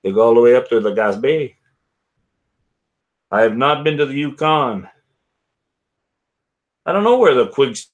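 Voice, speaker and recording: A man's voice: medium pitch, expressive, a little slow, long pauses, highs cut off. A man hosting a casual whisky live stream, rambling and chatting with viewers by name. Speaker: livestream host.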